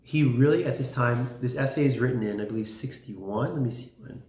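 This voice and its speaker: A man's voice: medium pitch, a little fast, darkish tone. A man giving a casual classroom lecture, talking conversationally with many fillers and restarts. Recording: roomy classroom sound.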